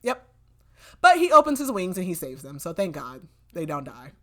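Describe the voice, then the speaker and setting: A woman's voice: on the low side, very animated, normal speed, pushed and bright. Chatty young woman recapping a book. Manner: chatty, filler-heavy retelling with quoted lines. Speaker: podcast co-host. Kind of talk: casual book recap chat.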